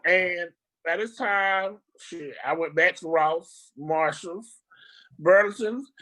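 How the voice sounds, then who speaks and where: Speaking slowly at a medium pitch, a person on a video call meanders through an energetic story, casual and peppered with slang and profanity.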